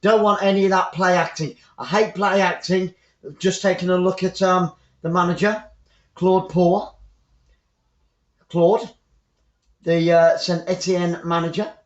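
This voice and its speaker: A man's voice: high voice, fairly even intonation, unhurried, long pauses. An English man giving chatty live football commentary for an online stream, repeating his phrases and rambling into asides. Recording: roomy, dull lo-fi sound.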